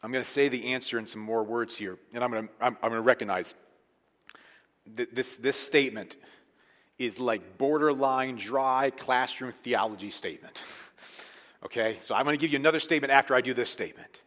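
A man preaching a sermon as pastor, talking conversationally and with emphasis, swinging between loud points and hushed asides. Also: mid-range voice, a little fast. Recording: long hall reverb.

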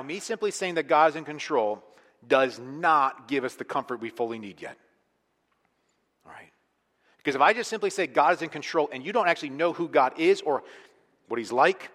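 A man in a church with a fairly high voice preaches his sermon, chatty and emphatic, sometimes sinking to a hushed, intense tone. His voice rings out with a long reverb in the large hall. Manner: conversational, emphatic, drops to quiet intensity. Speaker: pastor.

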